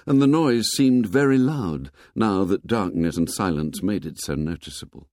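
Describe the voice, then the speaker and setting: A man narrating a novel in a measured, expressive storytelling voice that grows low and soft in tense passages. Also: no room sound, studio quality. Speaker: audiobook narrator. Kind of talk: scripted narration.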